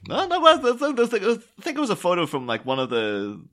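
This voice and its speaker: A man's voice: high voice, huge pitch swings, moderate pace, fairly bright tone. An Irish man co-hosting a podcast, talking casually and animatedly with frequent laughter. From Ireland. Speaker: podcast co-host. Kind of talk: casual chat.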